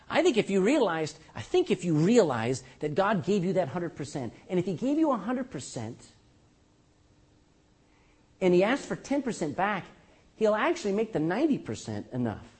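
An older man preaching a sermon as pastor, animated and joking, with rhetorical questions to his congregation. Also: sits high, normal speed, breathy edge.

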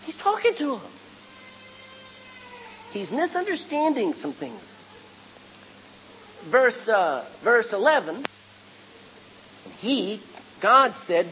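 A woman's voice: a little high, big pitch swings, takes it slowly, pauses often, in a large hall, lo-fi sound, slight background noise. A woman preaching a sermon to a congregation, asking rhetorical questions and acting out the lines she quotes.

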